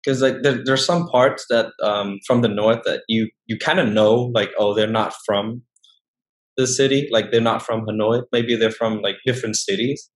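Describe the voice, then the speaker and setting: A young man from northern Vietnam with a Vietnamese accent, speaking English as his second language in a casual interview and often pausing and restarting. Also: lowish voice, fairly even intonation, rough recording. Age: young adult. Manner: hesitant, many fillers and restarts. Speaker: guest.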